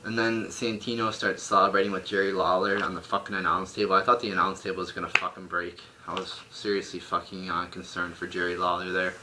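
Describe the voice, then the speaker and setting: Low-voiced young man ranting, swearing. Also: level tone, fast, few pauses, noisy background. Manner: profane, blunt, exasperated ranting. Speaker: wrestling show reviewer. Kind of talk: casual ranting review. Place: home room.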